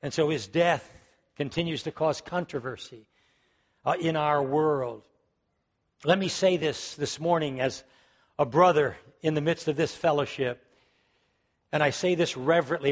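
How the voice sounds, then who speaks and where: A man's voice: a little high, normal speed, long pauses, lo-fi sound. A man preaching a sermon, emphatic and fervent, repeating key words as he builds to strong peaks. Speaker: pastor.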